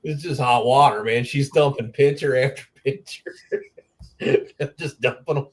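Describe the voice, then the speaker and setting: A man's voice: mid-range voice, a little slow. Laid-back male guest. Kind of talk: casual chat.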